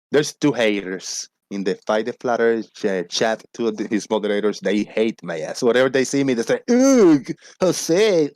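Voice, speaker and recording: Hosting a casual livestream, a man talks animatedly, swears freely and acts out phone callers in a raised voice. His voice sits on the low side, and there's no room sound.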